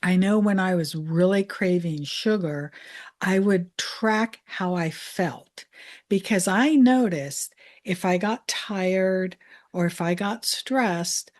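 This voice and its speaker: A woman money mindset coach giving a calm, soothing self-help training talk. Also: on the low side. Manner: calm, slow, soothing guidance.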